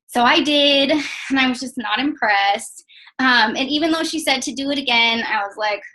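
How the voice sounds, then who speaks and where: In a casual testimonial, a young woman who works as a network marketing distributor shares her personal story, chatty and packed with fillers like "like" and "um." Her voice is high-pitched, bright, and forceful, and she speaks briskly on a low-quality recording.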